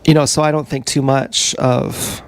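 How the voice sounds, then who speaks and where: A man telling a long, meandering personal story on a livestream, halting and full of fillers. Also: medium pitch, little pitch movement, clean tone. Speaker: streamer. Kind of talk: rambling livestream monologue.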